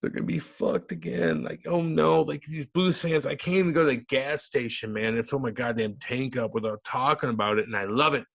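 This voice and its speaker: A man, a former hockey enforcer turned radio host, telling a loud, profane, animated story in an interview. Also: mid-range voice, brisk, hardly any pauses. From United States.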